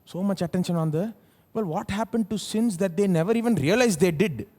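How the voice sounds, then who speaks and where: High-voiced Indian pastor preaching. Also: male voice, a little fast. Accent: Indian English. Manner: rhetorical questions, animated swings between loud and soft. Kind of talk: sermon. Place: live church service.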